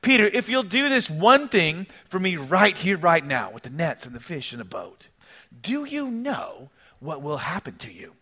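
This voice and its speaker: A patient, gentle teacher figure speaks in a soft, hushed voice, lower than the narrator's, as a man acts him out. His tone is coaxing and kind, and the timbre stays bright and lively. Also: normal speed, slightly rough, full character voice.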